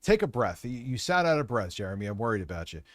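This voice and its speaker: A man's voice: fairly low pitch, very animated, fast talker, dry recording, studio quality. A man streaming live and ranting crudely, swearing constantly, and mocking the people he criticizes. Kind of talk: profane live-stream rant.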